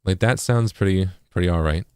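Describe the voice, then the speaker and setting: A man with an East Coast accent giving a casual tutorial, relaxed and full of fillers, sounding words out as examples. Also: sits low, a little fast, clean tone. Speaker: music producer and streamer.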